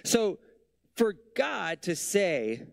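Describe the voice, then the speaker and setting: Higher-voiced man preaching a conversational sermon. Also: very animated, very slow, creaky, dry recording, clean studio sound. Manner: conversational preaching with many rhetorical questions. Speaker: pastor.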